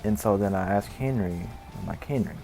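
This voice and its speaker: A man's voice: lowish voice, moderate pace, gravelly, warm tone, soft background music. A man telling a rambling, distracted comic story while commenting on gameplay. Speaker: gaming channel host.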